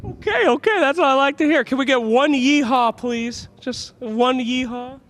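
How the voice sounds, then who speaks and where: A man's voice: very high voice, normal speed, a bit bright. A man interviewing players on site in a playful, teasing way, laughing often. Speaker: event interviewer.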